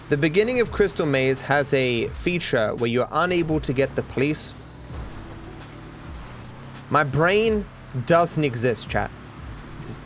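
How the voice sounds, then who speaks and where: A man's voice: on the high side, fairly bright tone, slight background noise. A man streaming a game, joking at his own expense, swearing freely and talking to his chat. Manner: joking, profane, self-deprecating, talks to chat. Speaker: gaming streamer. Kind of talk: livestream gameplay commentary.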